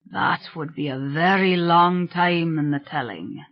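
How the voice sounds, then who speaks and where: An audiobook reader voicing a tall, sorrowful male spirit with a Scottish accent and a low, vibrant, whispery voice. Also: a little slow, highs cut off, close to an everyday voice. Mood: hushed longing.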